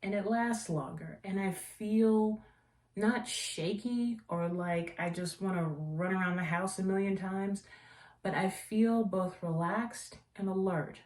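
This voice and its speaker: A woman's voice: medium pitch, fairly even intonation, slow, recorded from a distance. A woman hosting a tea vlog, talking in a casual, rambling way and gushing about teas and small-business products. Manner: rambling, warm-hearted enthusiasm for products. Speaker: tea vlogger and host. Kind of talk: casual chatty review. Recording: echoey room, voice away from mic.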